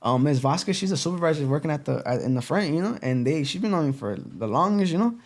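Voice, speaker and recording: A young man, a podcast guest telling his story in casual street slang, full of "you know" and "boom.". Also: animated, fast talker. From East Los Angeles.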